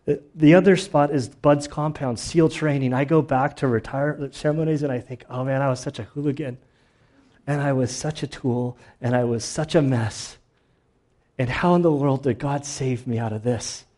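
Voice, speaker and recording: A man's voice: medium pitch, moderate pace, darkish tone. A middle-aged man preaching a sermon as pastor, earnest and personal, telling stories from his own life and at times choked up. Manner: earnest, personal storytelling, voice breaking with emotion.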